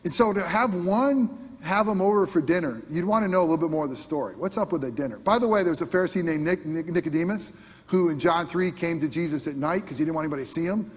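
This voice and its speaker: A man with a high, husky voice preaching a sermon. He is animated, slips into imagined voices, and drops from loud bursts to near-hushed lines. The sound carries a long hall reverb. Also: fast talker. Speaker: pastor.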